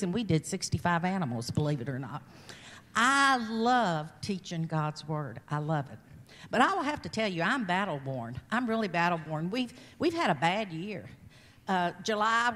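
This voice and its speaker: A woman's voice: medium pitch, fairly bright tone, long reverb tail. A woman in her sixties with a Southern accent, giving an earnest, chatty missionary testimony at church. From Kentucky. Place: church sanctuary.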